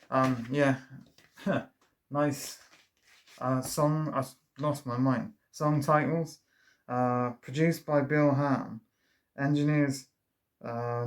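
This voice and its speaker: Rambling, enthusiastic man. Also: medium pitch. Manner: enthusiastic, rambling with many fillers and restarts. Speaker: vinyl record reviewer. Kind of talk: casual review monologue.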